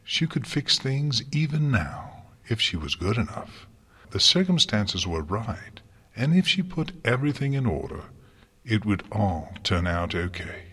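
A man narrating a story in a calm, measured reading style. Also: on the low side, breathy edge. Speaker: audiobook reader.

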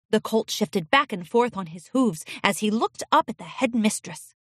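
A woman narrating a children's storybook with an expressive, animated reading. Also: medium pitch, moderate pace, few pauses, husky, no room sound, clean studio sound.

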